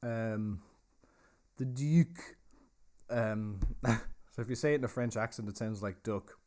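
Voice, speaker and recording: A man's voice: on the low side, takes it slowly, darkish tone. Chatty man hosting a pub quiz. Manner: chatty, joking, confirming audience answers. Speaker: host and pub guide. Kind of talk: casual live virtual pub tour and quiz. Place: inside a pub.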